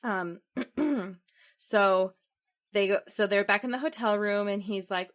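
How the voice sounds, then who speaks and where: Animated young woman retelling a story. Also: mid-range voice, slow. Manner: animated, acts out quoted lines with laughs. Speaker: podcast co-host. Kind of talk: casual chat, retelling a movie plot.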